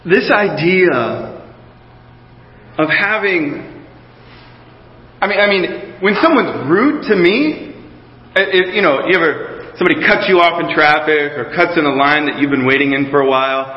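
A man's voice: fairly high pitch, animated, normal speed. A man giving a sermon in a loose, conversational way, restarting phrases and asking the congregation questions. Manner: conversational preaching with many restarts and asides to the congregation. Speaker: pastor. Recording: roomy hall sound, slightly dull.

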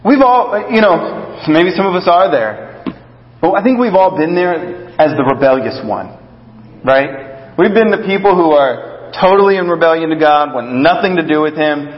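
A young adult male pastor preaching a conversational sermon, often dropping to a soft, gentle voice. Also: fairly high pitch, expressive, normal speed. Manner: conversational, drops to soft gentle tones when quoting God. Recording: echoey hall, dull lo-fi sound.

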